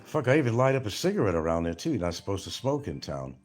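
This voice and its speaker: A man's voice: lowish voice, sing-song, fast talker, darkish tone, soft background music. A man hosting a casual livestream and answering viewer comments in a blunt, profane, combative way. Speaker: livestream host.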